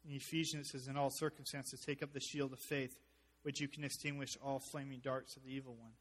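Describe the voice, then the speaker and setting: A man preaching a sermon as pastor, animated, with joking asides, swinging from loud to hushed. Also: mid-range voice, fairly quick, long reverb tail.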